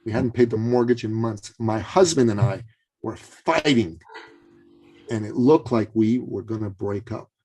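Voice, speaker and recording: A man's voice: fairly low pitch, a little slow, warm tone, husky, faint music behind, low-quality recording. A man retelling an earnest, grateful mother. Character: emotional grateful woman, a mother.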